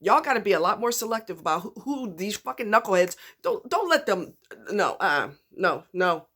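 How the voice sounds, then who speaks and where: A woman's voice: mid-range voice, sing-song, normal speed, fairly bright tone. Woman, angry, blunt, swearing, ranting to camera. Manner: fired up, blunt, swearing heavily. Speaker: vlogger. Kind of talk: angry profane rant to camera.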